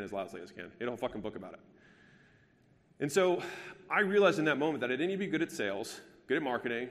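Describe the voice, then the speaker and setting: A man's voice: mid-range voice, fairly bright tone. A man in his thirties giving a live business presentation in a brash, casual and profane joking way. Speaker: business speaker. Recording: long hall reverb.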